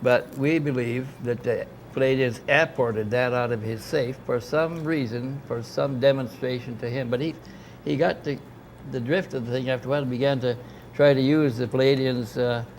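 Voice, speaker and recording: A man's voice: medium pitch, fairly even intonation, moderate pace, few pauses, slight background noise. An older man casually recounting a long story, acting out the voices of people he quotes. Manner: rambling anecdotal, acts out quoted dialogue. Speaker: interviewee recounting experiences.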